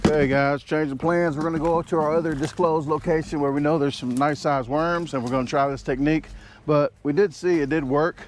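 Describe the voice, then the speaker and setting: A man's voice: on the high side, fairly even intonation, a little fast, few pauses, a little hiss or hum. A man hosting a casual outdoor vlog, rambling and joking with lots of fillers, recorded on an action camera in the woods. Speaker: vlogger.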